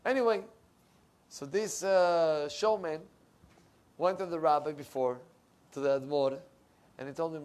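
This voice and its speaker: A middle-aged male rabbi preaching a sermon in a synagogue, animated and emphatic, swinging from loud to soft. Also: fairly high pitch, unhurried, long pauses.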